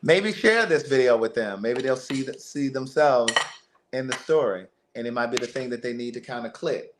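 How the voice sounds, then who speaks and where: Guy on a livestream telling a story, animated, keeps repeating words, echoey room, mid pitch. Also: normal speed, background noise. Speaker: livestream host. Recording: roomy echo.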